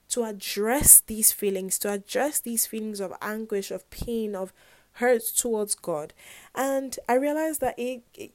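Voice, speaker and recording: A woman's voice: on the high side, darkish tone, no echo. A young woman in her twenties, a university student, talking earnestly and reflectively about her faith in a casual vlog, rambling with lots of "like" and "whatnot". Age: young adult. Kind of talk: personal faith vlog, casual confessional talk.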